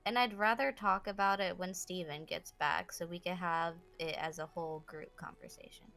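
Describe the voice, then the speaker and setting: A woman's voice: fairly low pitch, fairly even intonation, normal speed, vocal fry, a bit bright. A woman playing a tabletop game over a video call, talking in a loose, chatty way. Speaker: player. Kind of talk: casual tabletop role-play chat.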